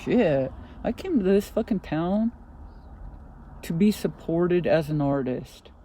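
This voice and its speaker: A woman's voice: fairly low pitch, animated, slow, warm tone, slight background noise. A woman ranting into her own vlog, swearing constantly and sounding agitated, talking from inside a car. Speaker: vlogger. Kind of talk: casual vlog rant.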